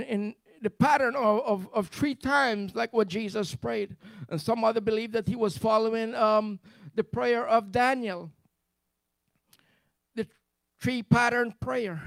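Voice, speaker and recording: A man preaching a fervent sermon to his church, building to loud repeated refrains. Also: high voice, vocal fry, no echo. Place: church service.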